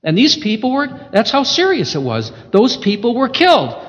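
A man preaching a sermon, reading scripture and swinging between loud emphasis and hushed passages. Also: extremely high pitch, wildly swooping pitch, moderate pace. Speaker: pastor. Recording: echoey hall, dull lo-fi sound.

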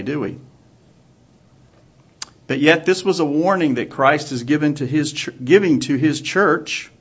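A man preaching a sermon to his congregation in a church, asking measured rhetorical questions. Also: a little high, vocal fry, husky. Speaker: pastor. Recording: dull lo-fi recording.

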